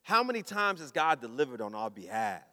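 A man preaching a storytelling sermon, acting out his own thoughts and his wife's replies in a lively, casual way. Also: medium pitch, brisk, long reverb tail. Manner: animated, acts out his own inner voice and his wife's.

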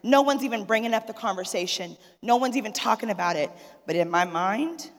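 A woman in her forties, a pastor's wife, telling a funny story to a church audience in an animated way, laughing and acting out the dialogue. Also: medium pitch, fairly quick, big-room sound. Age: 40s. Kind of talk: humorous storytelling testimony.

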